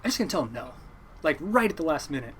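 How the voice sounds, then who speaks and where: A man's voice: on the high side, racing, slight background noise. A young man, a fishing boat captain, telling a rambling story in casual chat and acting out what others said. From Oregon, United States. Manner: rambling, animated, acts out quotes.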